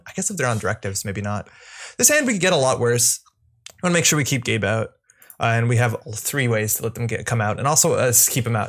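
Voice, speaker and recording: Casting: young male host, relaxed thinking-aloud game commentary, mid pitch, desk mic at home. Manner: casual, musing, self-correcting. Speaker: channel host and card game player.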